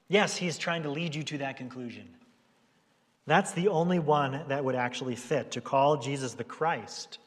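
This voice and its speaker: Conversational preaching man in a reverberant hall. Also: on the high side. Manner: conversational preaching, acts out quoted voices. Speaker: pastor. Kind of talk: sermon.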